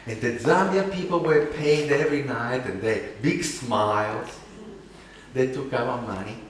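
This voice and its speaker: A man with an Italian accent telling an animated, self-mocking story as a keynote speaker. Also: mid-range voice, unhurried, far from the mic, slight background noise. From Italy. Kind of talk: storytelling talk. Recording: echoey hall, mic from afar.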